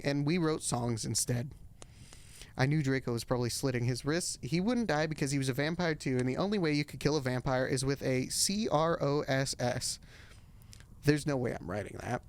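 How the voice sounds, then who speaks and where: Man reading aloud with deadpan asides. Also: a little high, a little fast. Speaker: streamer reading a fanfic aloud. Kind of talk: comedic dramatic reading with asides.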